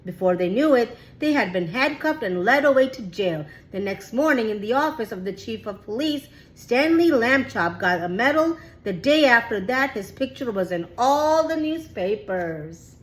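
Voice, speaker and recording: A woman's voice: fairly high pitch, animated, normal speed, few pauses, rough recording. A woman reading a children's chapter book aloud with careful storytelling. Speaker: read-aloud host.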